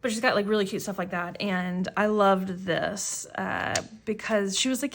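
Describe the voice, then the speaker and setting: With a mid-range voice, a moderate pace and hardly any pauses, this woman in her thirties vlogs about her planner as she flips through it, over slight background noise. She rambles and puts herself down, restarting often and filling gaps with fillers.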